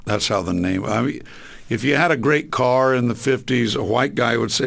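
A man's voice: mid-range voice, normal speed, creaky, fairly bright tone. An older man from Southern California, a singer, reminiscing in an interview in a rambling way full of fillers. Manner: rambling, many fillers and restarts. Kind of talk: relaxed reminiscing.

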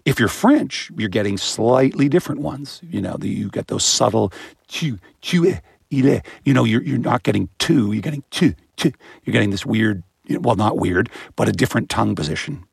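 A man, a guest author in an interview, explaining things in an animated way and imitating baby sounds as he goes. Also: lowish voice, a little fast, gravelly, few pauses, breathy edge, no room sound, studio quality.

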